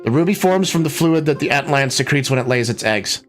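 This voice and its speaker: A man's voice: medium pitch, lively intonation, brisk, soft background music, natural voice. A man voicing a timid young prince in a game read-through, plaintive in tone.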